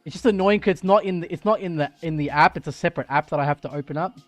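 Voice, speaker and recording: An Australian man chatting on a live stream while sim racing, thinking out loud and getting excited. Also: on the high side, racing, dry recording. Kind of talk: live-stream gaming chat. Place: home sim racing rig.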